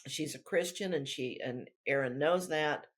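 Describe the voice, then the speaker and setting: A woman's voice: low voice, a little slow, husky. A woman author talking through her work in a rambling, chatty way during an interview. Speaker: author guest. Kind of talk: casual interview chat.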